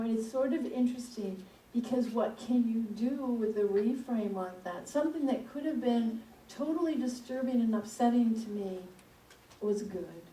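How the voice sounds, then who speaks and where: A woman delivers a sermon through a lively personal anecdote, chatty and expressive. Her voice sits a touch high. She sounds set back from the mic, with the room's echo around her. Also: slight background noise. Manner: storytelling, animated and conversational. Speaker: speaker at a spiritual center. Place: church hall. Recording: echoey room, mic at a distance.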